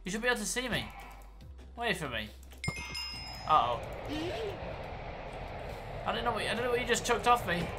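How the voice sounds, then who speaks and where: A woman's voice: medium pitch, sing-song, moderate pace, pauses often, over music. A woman streaming gameplay, talking to herself with panicky outbursts, yelps and swearing. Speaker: game streamer. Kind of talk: live gameplay commentary.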